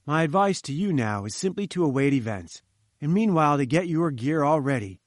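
A jovial newspaper reporter, as a narrator puts him on, talking briskly and knowingly. The voice is a little high and recorded dry, right up close. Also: male voice, lively intonation, no room sound. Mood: confident.

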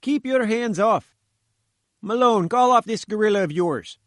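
A man's voice: high voice, normal speed, no room sound, clean studio sound, pitched above the performer's own voice, natural voice. Man doing a sputtering fat little reporter. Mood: indignant. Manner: sputtering, indignant, cheeky. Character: fat little pushy male journalist.

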